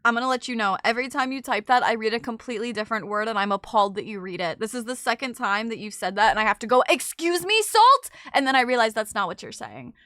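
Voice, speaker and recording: Woman streamer, casual chat, bright crisp voice, slightly high, dry close sound, lots of filler. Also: rapid-fire, few pauses, dry recording. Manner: chatty, filler-heavy, trailing off with "I don't know". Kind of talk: casual chat reading viewer messages. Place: in bed at home.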